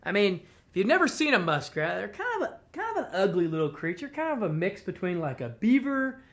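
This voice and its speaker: With a sing-song, fairly quick mid-range voice and a slightly bright tone, a tribal language department storyteller casually relates a traditional tale. The delivery is conversational and folksy, loaded with "kinda" and "you know," and the animals' words are acted out.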